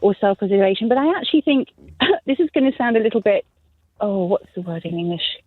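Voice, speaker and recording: A woman's voice: medium pitch, animated, fast, no echo. A woman calling in to a radio show, chatty and a little giggly, sometimes searching for the right word as she talks over the phone. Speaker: caller. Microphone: telephone. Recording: tinny phone line.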